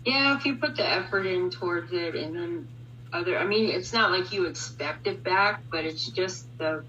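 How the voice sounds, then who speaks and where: A woman chiming in during a casual chat, speaking softly and sympathetically. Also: on the low side, moderate pace, a little hiss or hum. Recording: distant, dull-sounding mic.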